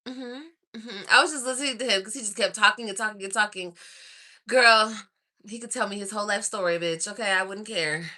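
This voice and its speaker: A woman's voice: medium pitch, quick pace. A young woman vlogging at home at night, chatting casually in a gossipy way, swearing, sighing and laughing often. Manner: gossipy, animated, swears, laughs and sighs a lot. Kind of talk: casual chat to camera.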